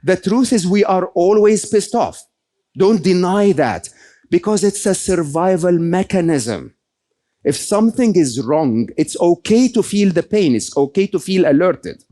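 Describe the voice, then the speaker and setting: A man's voice: sits high, expressive, a little slow, dark tone. A man giving a conversational motivational talk to a live audience, often checking in with "okay?" and "right?". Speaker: keynote speaker.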